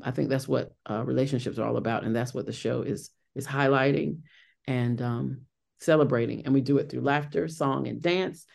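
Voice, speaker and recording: A woman's voice: very deep voice, creaky, a little mellow. A middle-aged woman, a Broadway actress being interviewed, talking in a chatty way with many restarts and fillers. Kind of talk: interview conversation.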